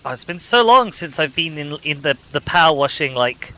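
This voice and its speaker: Bright, lively man with wry humor. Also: a little high, normal speed, low-quality recording. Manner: wry, playful, lightly sarcastic. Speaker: co-player. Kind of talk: casual gaming chat over voice call.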